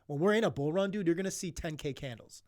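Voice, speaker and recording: A young man with a fairly high voice, talking in a casual, earnest way that wanders and restarts often. He sounds emotional. The sound is close and dry, with no room echo. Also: fast, darkish tone. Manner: earnest, rambling, many restarts and fillers. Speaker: podcast co-host. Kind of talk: casual podcast chat.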